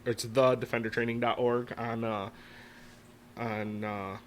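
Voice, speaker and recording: A man's voice: mid-range voice, little pitch movement, a little slow, slight background noise. A man from New York, a podcast guest who runs firearms classes, chatting casually in a friendly, rambling way.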